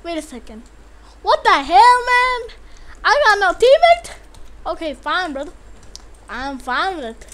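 Woman gamer, very high and bright voice, hyped trash-talk commentary over gameplay. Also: a little slow, long pauses, a little hiss or hum. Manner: excitable trash-talk, yelling at opponents.

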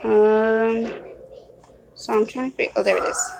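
A woman's voice: fairly high pitch, flat delivery, a little slow, vocal fry, a little mellow, slight background noise, rough recording. A woman chatting casually on a home live stream, apologetic and rambling, with lots of ums and restarts. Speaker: vlogger. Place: at home, hot room. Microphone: phone or webcam.

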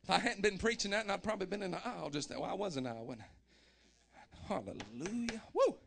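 A pastor preaching a sermon in a church, folksy and humorous, building with rising fervor and shouting at the climaxes. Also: male voice, sits high, expressive, fast talker, gravelly, slight background noise. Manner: folksy and humorous, acts out people he quotes. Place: church sanctuary.

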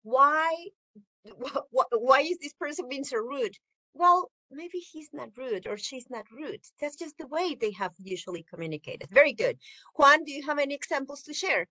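A woman teacher lectures a class over a video call, acting out examples in a high voice and laughing often. The sound is close and dry, with no room around her. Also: lively intonation, moderate pace, sharp tone, dry recording, rough recording. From Mexico.

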